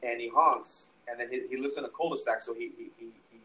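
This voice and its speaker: A man's voice: mid-range voice, fairly even intonation, quick pace, sharp tone, poor audio. A young man tells a story in casual conversation, rambling and profane, with lots of restarts and fillers. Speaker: podcast guest, musician.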